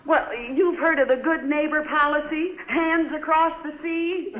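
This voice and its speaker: An actress playing a scatterbrained, scheming young wife who talks in a flustered, wheedling, comic way in a 1950s sitcom. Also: female voice, high voice, fairly even intonation, measured pace, a crowd in the background. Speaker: lead. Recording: dull noisy 1950s TV soundtrack.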